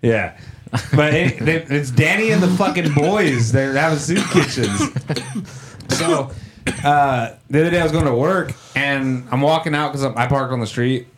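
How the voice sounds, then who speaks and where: A man's voice: on the high side, normal speed, background noise. A young man casually telling a rambling, profane story to friends, laughing as he goes. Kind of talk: casual chat.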